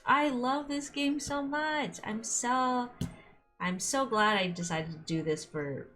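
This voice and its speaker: A woman's voice: fairly high pitch, slow pace, a bit bright, faint music behind. A young woman streamer chatting casually and emotionally as she wraps up a game episode, rambling with lots of "like" and little laughs. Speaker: let's-play streamer.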